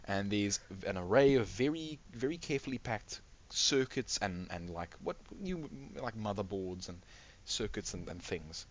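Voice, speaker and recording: A man's voice: fairly low pitch, lively intonation, moderate pace, dull audio. A man running a tabletop game as game master, describing scenes in rambling, self-correcting narration.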